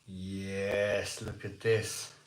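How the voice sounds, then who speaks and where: Hoarse Welsh man chatting on a livestream. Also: low-pitched, monotone, very slow, a little hiss or hum. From Wales. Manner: chatty, greets viewers by name, pleads for likes. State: hoarse from a cold. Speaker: livestream host. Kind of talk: casual live chat reading viewer comments. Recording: echoey room.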